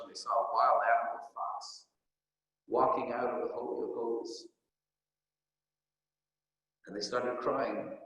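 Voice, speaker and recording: Rabbi lecturing in an echoey hall. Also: male voice, medium pitch. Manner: storytelling, explaining Hebrew and Aramaic phrases. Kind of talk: Torah lecture. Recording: echoey hall with long reverb.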